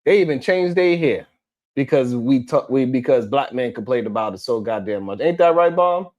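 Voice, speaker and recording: A man's voice: mid-range voice, moderate pace, a little mellow, highs cut off. A man hosting a live stream, reading the chat and talking in a blunt, heated, profane way.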